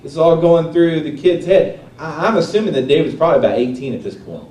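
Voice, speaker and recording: Male preacher, chatty sermon delivery, warm low tone, recorded from afar in a roomy hall. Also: lively intonation, fast. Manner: conversational, asks the audience questions. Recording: echoey room, voice from a distance.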